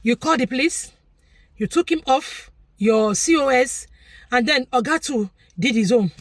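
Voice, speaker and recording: A woman's voice: high voice, animated, measured pace, no echo. A Nigerian woman vlogger giving an opinionated, preachy commentary, repeating her points for emphasis.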